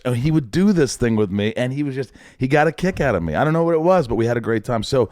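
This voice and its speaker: A man's voice: medium pitch, fast talker, clear, resonant tone, no echo, clean studio sound. A man in his forties, raised in the Midwest, telling show-business stories in a casual chat and acting out other people's lines. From Indiana, US Midwest. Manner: animated storyteller, acts out quotes of others. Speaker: podcast guest, actor.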